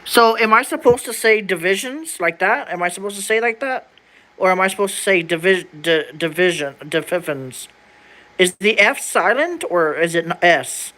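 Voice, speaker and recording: Young adult streamer with a bright, ringing tone and mid-range pitch, chatting casually and stumbling as they sound out words. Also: expressive, normal speed, low-quality recording. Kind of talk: casual livestream chat while reading an old document aloud.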